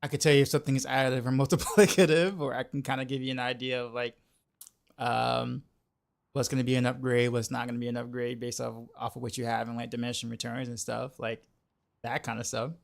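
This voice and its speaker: Speaking fast with vocal fry, a man holds a medium pitch and a level tone while he chats during a game stream. His casual talk rambles, full of "like" and repeated phrases.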